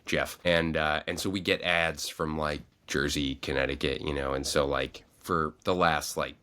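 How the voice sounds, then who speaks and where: Man, 40s, podcast host, very low pitch, bright forceful tone, joking storyteller. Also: steady tone, moderate pace, smooth. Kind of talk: casual chat.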